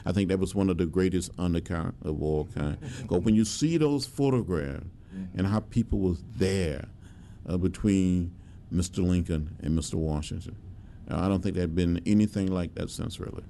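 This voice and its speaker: An older man, telling his history slowly and with emphasis, pausing on his words. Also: sits low, creaky, dark tone, a little hiss or hum. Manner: measured storytelling with emphatic pauses and fillers. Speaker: interviewee, civil rights veteran. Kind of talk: reflective oral history interview.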